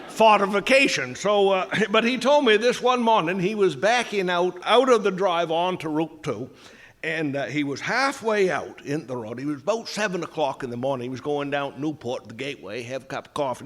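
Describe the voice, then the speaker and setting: A man with a Maine accent spins a comic yarn in a slow, dry drawl. His voice sits a little high for a man. He delivers the punchlines deadpan. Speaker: humorist storyteller. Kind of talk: comic folk storytelling.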